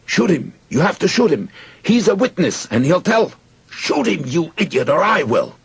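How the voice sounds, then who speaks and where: A man's voice: high voice, big pitch swings, moderate pace, gravelly, slightly rough, dry recording, pitched above the performer's own voice, full character voice. A man reading an audiobook, voicing a panicked soldier screaming at his comrade. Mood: frantic. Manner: frantic shouting. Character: panicked young male soldier, frantic and violent.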